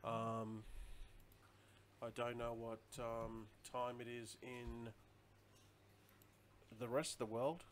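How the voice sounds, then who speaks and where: A man's voice: medium pitch, little pitch movement, slow pace, pauses often, a little hiss or hum. Rambling man live streaming. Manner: rambling, chatty, answers viewer comments. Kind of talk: casual live stream chat.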